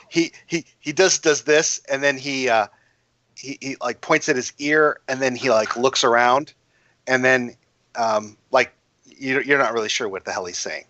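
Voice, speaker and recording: Bright-voiced male game master, halting. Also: mid-range voice, no room sound. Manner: halting, full of fillers and restarts. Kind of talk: narrating a tabletop game.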